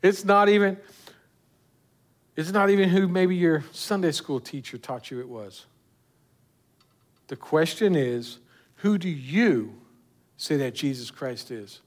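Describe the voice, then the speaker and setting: A man's voice: a little high, expressive, takes it slowly, pauses often. A man preaching a sermon earnestly, putting direct questions to his listeners. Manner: earnest, rising and falling with emphasis, asking the listeners direct questions.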